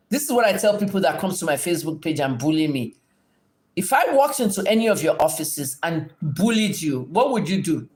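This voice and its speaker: A middle-aged woman rants on her livestream, lecturing and cursing at commenters. Her delivery is blunt, scolding and combative as she answers viewers. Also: low-pitched. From Nigeria. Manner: combative, scolding, heavily profane. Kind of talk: livestream rant and Q&A.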